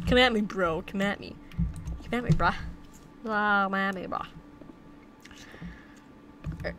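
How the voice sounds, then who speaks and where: A woman's voice: mid-range voice, a little slow, pauses often, background noise. Playful young woman rambling over a game. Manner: rambling, talks to herself, playful silly chants. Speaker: gameplay commentator. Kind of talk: casual let's-play commentary.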